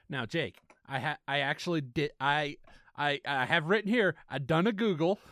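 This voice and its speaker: A man's voice: a little high, measured pace, a bit bright, no echo, studio quality. A man with a Southern US accent co-hosting a casual comedy podcast, reading scam emails aloud with sarcastic, mock-dramatic asides and frequent laughter. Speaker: podcast co-host.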